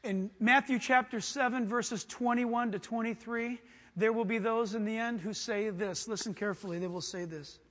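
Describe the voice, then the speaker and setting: A man preaching a sermon, acting out quoted voices and swinging from hushed, intimate lines to loud shouts. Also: high voice, steady tone, normal speed. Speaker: pastor. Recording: long hall reverb.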